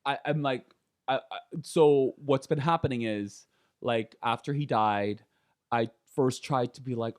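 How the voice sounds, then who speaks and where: A man in his thirties talking candidly as a podcast guest, animated and often laughing. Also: medium pitch, measured pace, no room sound, clean studio sound. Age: 30s. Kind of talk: casual conversation.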